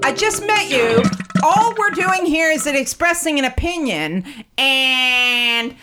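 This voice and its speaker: A woman's voice: sits high, expressive, slow, loud music behind the voice. A woman telling an indignant, profane, rambling story in a comedic rant. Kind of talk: comedic ranting monologue.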